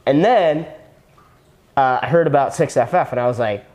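A man's voice: mid-range voice, normal speed, a little mellow. A young man, a former personal trainer who became a copywriter, talking casually as a podcast guest, earnest and rambling with many restarts.

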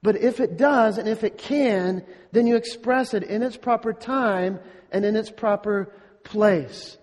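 High-voiced pastor preaching in a reverberant hall. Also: male voice, a little slow, a little mellow. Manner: earnest, emphatic preaching with repeated points and rhetorical questions. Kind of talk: sermon.

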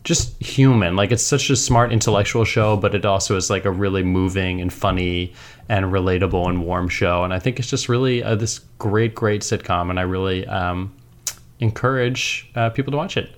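A man's voice: deep voice, moderate pace. Upbeat, joking man podcast co-host. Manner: earnest and upbeat, jokey, laughs easily. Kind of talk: casual chat.

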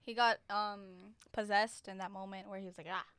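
A woman's voice: mid-range voice, flat delivery, brisk, a bit bright, clean tone, no room sound. A woman co-hosting a casual podcast chat, playful and giggly, close to the mic. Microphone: close studio mic.

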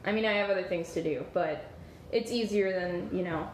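A woman voicing an aloof male god of time who gives calm, curt answers. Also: lowish voice, brisk, a little hiss or hum, close to an everyday voice. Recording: roomy echo.

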